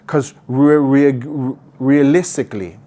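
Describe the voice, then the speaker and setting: A man telling a story on a podcast, full of energy, with plenty of restarts. He slips into high, urgent voices to act out the people in it. His pitch sits mid-range for a man. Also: a little slow. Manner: excitable, acts out others' voices, many restarts. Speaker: podcast guest, boating content creator. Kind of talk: animated storytelling in casual interview. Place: podcast studio.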